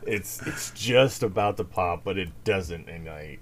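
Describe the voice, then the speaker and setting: A young man co-hosting a casual podcast tells stories animatedly, laughing often. His voice sits low and unhurried, with a little hiss or hum.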